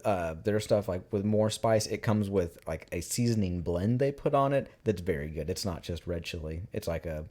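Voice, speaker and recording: A man with a fairly low, dark and mellow voice, talking casually on a podcast. He is laid-back and conversational, tossing in quick agreements while his co-host talks. Nothing is performed; it is plain friendly chat. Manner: laid-back, drops supportive interjections.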